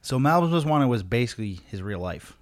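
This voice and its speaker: A man's voice: mid-range voice, sing-song, fast talker, a little hiss or hum. A man co-hosting a podcast, telling a story in a loose, profane, laid-back way with lots of fillers. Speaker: podcast co-host. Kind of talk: casual storytelling chat.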